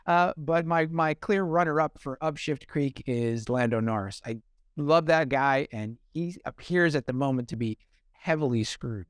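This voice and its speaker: A man co-hosting a casual sports podcast in an easygoing, halting voice. His pitch sits in the middle range, and he often restarts his words. The recording is dry and close. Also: no echo. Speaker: podcast co-host. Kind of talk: casual chat.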